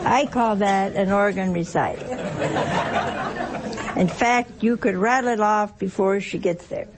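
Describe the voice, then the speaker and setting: A woman's voice: mid-range voice, measured pace, crowd noise, noisy background. An older woman preaching a sermon in a homespun, teasing way, asking rhetorical questions and acting out little everyday scenes. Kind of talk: sermon on works of mercy.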